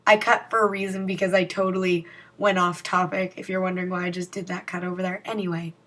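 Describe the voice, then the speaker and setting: A woman's voice: on the low side, flat delivery, fast, a bit bright. A young woman talking casually to her viewers in a rambling, self-mocking vlog. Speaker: vlogger. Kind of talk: casual vlog chat to camera.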